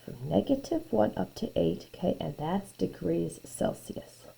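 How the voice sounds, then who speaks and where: A woman's voice: on the low side, lively intonation, unhurried, gravelly, dark tone, breathy edge, low-quality recording. A woman math teacher talking through graph problems in a recorded lesson, thinking aloud, repeating her phrases and often dropping to a near-whisper.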